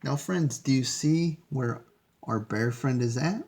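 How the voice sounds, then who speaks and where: Male storyteller for a kids' read-aloud, very slow, gravelly, chatty with listeners. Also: mid-range voice, darkish tone. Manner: chatty, asks young listeners questions.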